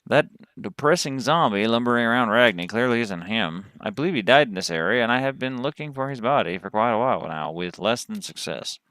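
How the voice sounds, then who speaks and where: A man's voice: medium pitch, lively intonation, brisk, few pauses, fairly bright tone, no echo. A man doing a drawling cowboy quest-giver. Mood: earnest. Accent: cowboy drawl, put on. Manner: earnest drawling storyteller. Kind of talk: reading game dialogue aloud.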